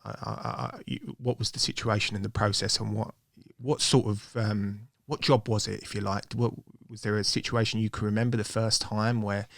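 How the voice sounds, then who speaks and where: Gravelly-voiced male podcast host. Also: on the low side, steady tone, fairly bright tone, no room sound, clean studio sound. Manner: halting, repeats words while forming questions. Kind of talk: interview questions.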